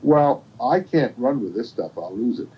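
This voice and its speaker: A man's voice: mid-range voice, animated, moderate pace, slightly rough, far from the mic. Sweet little storybook girl, singsong and lilting from an older man doing the voice, lo-fi tape. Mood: polite. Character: sweet young girl, Little Red Riding Hood. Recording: dull lo-fi home recording.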